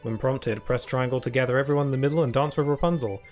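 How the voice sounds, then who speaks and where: A man's voice: mid-range voice, fast talker, a little mellow, soft background music. A British man chatting casually while streaming a video game, laughing often and reading chat and on-screen text aloud. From United Kingdom.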